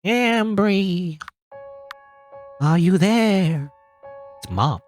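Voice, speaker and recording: A man's voice: high voice, lively intonation, very slow, soft background music, voice pushed up, full character voice. A man doing a basement monster faking a sweet mom voice. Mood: coaxing. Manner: falsely sweet, coaxing.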